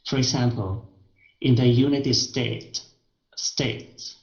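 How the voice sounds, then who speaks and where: Man, student, reads aloud slowly, monotone, hesitant, roomy dull recording. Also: medium pitch. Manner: hesitant, repeats and restarts words. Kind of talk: reading a passage aloud.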